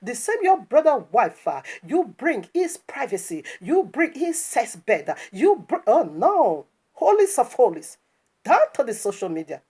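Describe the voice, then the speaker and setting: A woman's voice: fairly high pitch, very animated, unhurried, dark tone, husky. A woman preaching online in an impassioned, scolding commentary that is full of rhetorical questions and stammered restarts.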